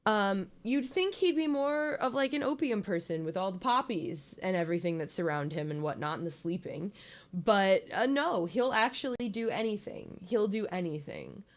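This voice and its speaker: A woman's voice: mid-range voice, lively intonation, moderate pace. A young woman giving a casual, joking slideshow presentation, playful and giggly with lots of ums.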